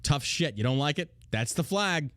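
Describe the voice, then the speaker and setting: A man hosting a podcast, talking in a blunt, heavily profane casual rant with loud, mocking outbursts. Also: on the high side, animated, normal speed, no echo, studio quality. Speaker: podcast host.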